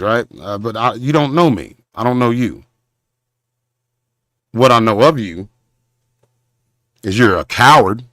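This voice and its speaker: A man from Southern hosting a confrontational livestream rant, rambling and halting, with preacher-like condemnations. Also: medium pitch, a bit bright, no room sound, studio quality. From Southern Oklahoma. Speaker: show host.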